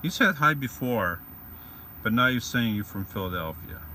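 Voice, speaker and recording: A man's voice: medium pitch, expressive, moderate pace, sharp tone, slight background noise. A man hosting a casual livestream from his van, reading out viewer greetings and rambling with jokes. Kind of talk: casual live-stream chat. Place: van or vehicle.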